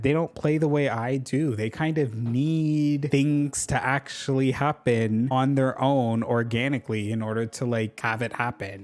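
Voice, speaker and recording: A man giving casual gameplay commentary as a YouTuber, rambling and excitable, often joking at his own expense. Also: mid-range voice. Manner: rambling, self-deprecating, excitable. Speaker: gaming YouTuber.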